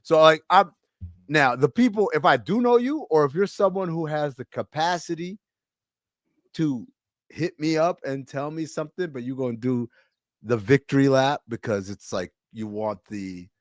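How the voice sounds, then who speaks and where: Animated man hosting a podcast. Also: fairly high pitch, normal speed, no echo. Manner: animated storytelling with acted-out quotes. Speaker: podcast host. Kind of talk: casual chat.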